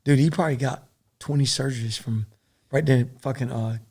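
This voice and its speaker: Middle-aged male guest: rapid, gravelly, profane storyteller, animated and rambling. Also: mid-range voice. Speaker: podcast guest, former soldier. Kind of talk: casual war storytelling.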